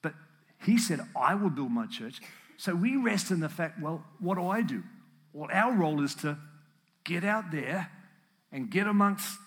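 Guy preaching a sermon, emotional and earnest, kinda high voice, gets fired up at points. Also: unhurried. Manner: earnest, emotional preaching, rising to animated emphasis. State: emotional, tearful at times. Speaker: pastor.

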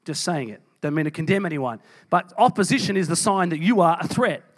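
Male pastor, high-pitched, emphatic sermon delivery. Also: expressive, brisk. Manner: emphatic preaching, reading scripture aloud with dramatic voices.

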